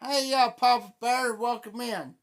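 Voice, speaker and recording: A man's voice: very high-pitched, fairly even intonation, unhurried, creaky. A middle-aged man from Ohio with a southern Ohio Appalachian accent, hosting a livestream in a folksy, rambling casual chat and greeting viewers by name. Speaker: livestream host.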